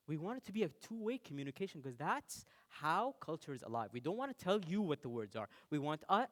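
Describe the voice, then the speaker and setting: A young man from the United Arab Emirates gives a talk on stage before an audience. His voice sits high and swings widely in pitch as he jokes and calls out to listeners. The delivery is animated and playful throughout. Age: young adult. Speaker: speaker.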